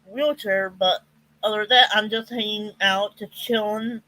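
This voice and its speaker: A woman in casual live stream chat, talking in a slow, halting way with fillers. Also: mid-range voice, steady tone, bright, forceful tone, low-quality recording.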